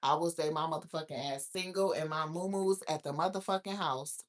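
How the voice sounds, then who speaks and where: A young woman hosting her own show, chatting casually and reacting to viewer comments, brash and profane, breaking into loud laughter. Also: low voice, fairly quick. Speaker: host.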